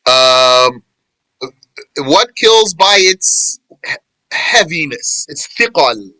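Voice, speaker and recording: Bright, tense-voiced man teaching a class. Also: a little high, expressive, no room sound, rough recording. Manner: quizzes students and answers their replies; explains slowly, restating and correcting phrasing. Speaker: religious teacher. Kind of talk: informal class on Islamic law.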